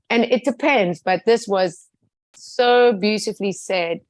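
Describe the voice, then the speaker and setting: A South African woman telling stories with a lively, chatty manner and acting out the people she quotes. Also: a little high, a little slow, dry recording, low-quality recording. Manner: lively storyteller, quotes people in different voices. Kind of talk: casual chat.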